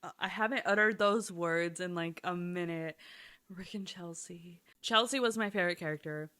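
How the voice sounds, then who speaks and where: A young woman chatting casually about a TV show, animated and swearing often, speaking in quick bursts. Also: on the low side. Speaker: TV recap vlogger. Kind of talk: casual chat.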